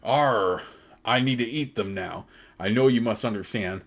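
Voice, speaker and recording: A man voicing a huge, grumpy, hungry male cave giant as he reads a video game's dialogue aloud, with blunt, gruff complaints. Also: lowish voice, unhurried, fairly bright tone.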